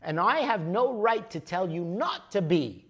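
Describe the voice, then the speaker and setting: A man's voice: sits high, lively intonation, unhurried. A man leading a workshop, explaining ideas patiently and often checking in with "okay?". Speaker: workshop leader. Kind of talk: workshop teaching. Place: workshop room.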